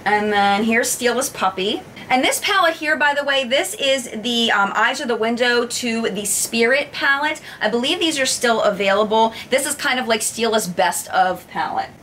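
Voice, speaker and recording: A woman beauty vlogger doing a makeup review, showing swatches, gushing and exclaiming with excitement. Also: a little high, moderate pace, hardly any pauses, slight background noise.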